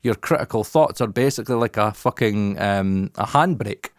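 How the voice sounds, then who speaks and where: A man's voice: fairly low pitch, moderate pace, no echo. A man, co-hosting a podcast in casual chat, frank and emphatic, swearing often, close on a studio mic. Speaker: podcast co-host.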